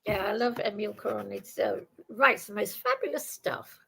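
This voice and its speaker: An older Dutch-born woman with a London accent, a guest on a live-stream panel, speaking in a halting, defensive way with many restarts. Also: mid-range voice, vocal fry, a bit bright, breathy edge, rough recording. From Netherlands. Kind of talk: heated live-stream debate.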